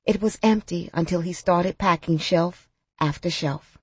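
A woman narrating an audiobook in a measured storytelling manner. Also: lowish voice, slightly rough, no room sound.

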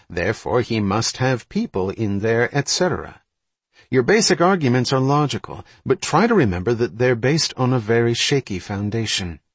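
A man's voice: medium pitch, slightly rough, no room sound. A man reading the part of a skeptical, dry male senior intelligence aide who plays devil's advocate in an audiobook. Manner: cautious, skeptical.

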